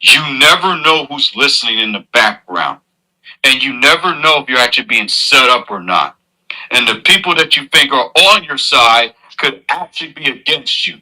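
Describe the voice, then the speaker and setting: A man's voice: mid-range voice, pushed and bright, rough recording. A man delivering an earnest, moralizing advice monologue to his audience as a streamer.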